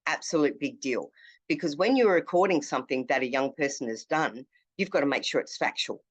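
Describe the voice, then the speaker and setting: A youth work trainer giving a conversational classroom lecture, repeating key phrases for emphasis. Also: mid-range voice. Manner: down-to-earth, conversational teaching.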